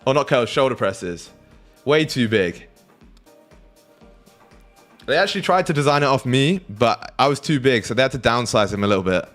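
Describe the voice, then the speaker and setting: A young British man chats casually with his livestream audience while trading, cracking jokes and swearing freely. His voice sits at an ordinary pitch for a man. Faint music plays underneath. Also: expressive, moderate pace, fairly bright tone. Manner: banters with chat, swears freely, laughs often. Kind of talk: casual livestream chat with viewers.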